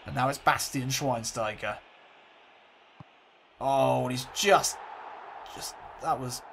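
A man hosting a let's play, calling a football game like a commentator, swinging between excitement and glumness. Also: mid-range voice, a little slow, pauses often, a little hiss or hum.

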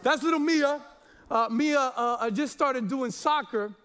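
Pastor guy in his 40s, really high voice, jokes around and trips over his words a lot. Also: measured pace, sharp tone, clear, resonant tone. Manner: chatty and jokey, with many repeated words and fillers. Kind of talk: sermon.

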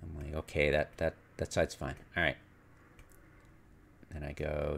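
A man talks through a strategy game replay in a loose, rambling way, acting out what he was thinking at the time. His voice sits very low and has a rough, gravelly edge. Every so often he breaks into quick, excited cheers. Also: a little hiss or hum. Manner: rambling, quotes his own past reactions, bursts of excited exclamations. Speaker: gameplay commentator. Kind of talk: casual game replay commentary.

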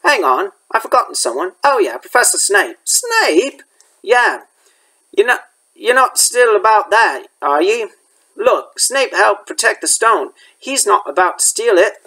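A man's voice: high-pitched, big pitch swings, unhurried, sharp tone, breathy edge, full character voice, poor audio. A man reading aloud as a big, blunt groundskeeper with a rustic dialect. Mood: proud. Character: big gruff kindly groundskeeper man, proud. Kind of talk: reading a chapter book aloud.

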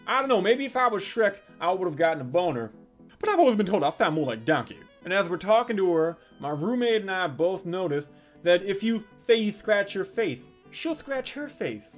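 A man in his thirties telling a crude, profane comic story in a brash, animated way. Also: high voice, brisk, soft background music. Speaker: comedic storyteller. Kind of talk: crude comedic storytelling monologue.

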